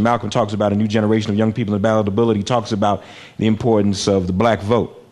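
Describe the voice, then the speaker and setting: A man hosting a panel discussion that goes out on radio. His voice is lowish, and his talk is loose and conversational, with fillers and quick asides. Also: darkish tone. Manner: conversational, many fillers, hurries through asides. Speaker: moderator and radio host. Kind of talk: panel moderation broadcast on radio.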